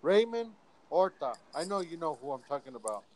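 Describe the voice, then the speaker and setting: A man in a casual chat, needling a friend and explaining his point deliberately. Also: a little high, big pitch swings, warm tone, no echo, low-quality recording.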